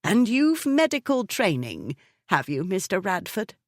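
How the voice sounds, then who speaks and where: Brief: imperious elderly lady of society, narrator-voiced, high and cutting. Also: big pitch swings, unhurried, no echo, studio quality. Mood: scornful. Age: older. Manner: imperious and scornful.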